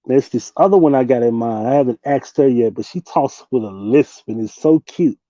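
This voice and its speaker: A man's voice: medium pitch, moderate pace, dark tone, dry recording, lo-fi sound. Laid-back man chatting on a livestream. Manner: loose, laughing, slangy, talks to chat. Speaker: livestream host. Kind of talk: casual late-night livestream chat.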